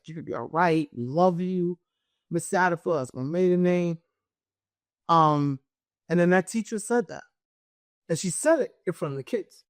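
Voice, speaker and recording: A middle-aged woman with a naturally loud voice, a guest telling an emotional personal story and acting out what others said. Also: lowish voice, no room sound, clean studio sound. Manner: animated, acts out what others said.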